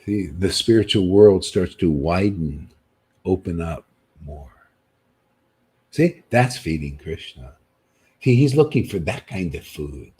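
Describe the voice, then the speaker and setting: A man's voice: deep voice, animated, slow, long pauses, mellow, slightly rough. A man giving a livestreamed sermon, preaching with many rhetorical questions and a repeated "see?", emphatic and sometimes scolding. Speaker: spiritual teacher.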